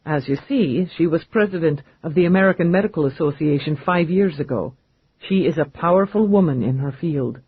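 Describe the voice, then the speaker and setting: A man voicing a wealthy, teasing, smooth-talking man in an audiobook, calm and dryly amused. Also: a little high, brisk, no room sound, lo-fi sound.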